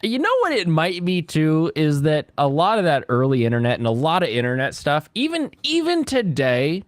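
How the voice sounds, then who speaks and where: A man's voice: on the high side, moderate pace, no echo. A man streaming a game who chats, rants and laughs often, speaking into a close desk mic. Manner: animated, ranting, laughs often. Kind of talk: casual gaming stream chat.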